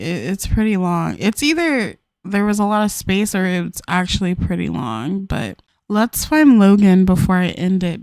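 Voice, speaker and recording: A chatty woman talks over her gameplay, speaking into a desk mic in a dry, close room. Her voice sits at a middle pitch for a woman. She jumps in and out of little voices for the characters she is playing. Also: dry recording. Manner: chatty, voices the characters herself, giggly asides. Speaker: gameplay host. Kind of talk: casual let's-play commentary. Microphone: desk microphone.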